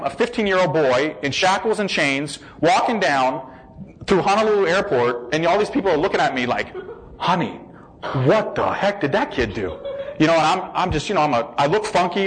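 Animated American man telling his story. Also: a little high, low-quality recording. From United States. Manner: animated storyteller who acts out the voices of people he quotes; emphatic repetition. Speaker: speaker giving a personal testimony. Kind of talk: personal testimony talk.

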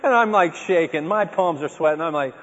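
A man giving a personal testimony talk to an audience, telling his story in a lively way and acting out his own remembered words. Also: on the high side, fairly quick. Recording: dull, echoey hall recording.

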